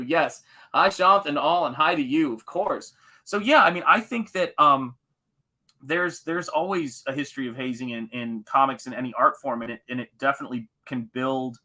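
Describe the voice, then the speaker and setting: A man with a bright, forward voice hosts a live stream while he paints, talking casually to his viewers. He rambles in an animated way and drifts between comments and stories from his days as a teacher. His pitch sits in a middle range, and the talk feels relaxed and unscripted. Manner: rambling, animated, quotes movies in put-on voices.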